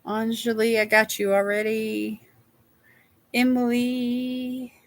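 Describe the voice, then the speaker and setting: A woman's voice: a little high, level tone, slow, dry recording. A woman, chatting casually with viewers as a livestream host and reading their names aloud. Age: 60s.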